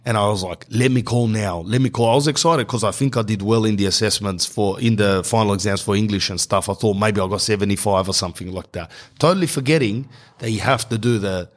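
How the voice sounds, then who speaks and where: A man's voice: fairly low pitch, fast. A young man telling a comic story, acting out the people in it. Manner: animated, acts out characters in dialogue. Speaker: comedian.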